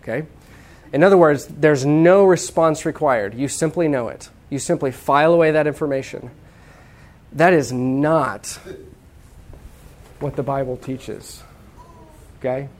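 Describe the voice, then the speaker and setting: A man preaching a sermon to a live audience, lively and humorous, checking in with the listeners and acting out what people say. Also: on the high side, unhurried, pauses often. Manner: talks to the audience with many "okay?" checks. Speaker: pastor teaching on evangelism.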